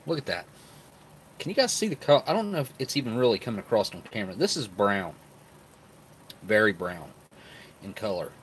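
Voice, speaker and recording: A man's voice: lowish voice, lively intonation, a little fast, pauses often, a little hiss or hum. A man chatting casually to his viewers while he tastes old food, sometimes talking with his mouth full. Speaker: food reviewer. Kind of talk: casual vlog talk to camera.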